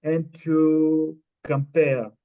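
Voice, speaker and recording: A man presenting at a conference, answering an audience question in a measured, explanatory way with many pauses. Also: fairly high pitch, flat delivery. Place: conference room. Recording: dull lo-fi recording.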